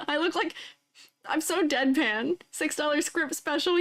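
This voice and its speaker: A young woman's voice sitting a little above the usual range, bubbly and quick to giggle. She chats casually with viewers on a live stream, teasing and reacting playfully to fan art. The talk is loose and spontaneous. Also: sits high.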